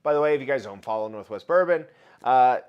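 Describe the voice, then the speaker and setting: Guy hosting a live stream, super animated pitch, chatty, shouts hellos to viewers. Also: quick pace, smooth, muffled recording. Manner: chatty, reads out viewer names and shouts greetings. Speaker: livestream host. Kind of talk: casual live-stream chat.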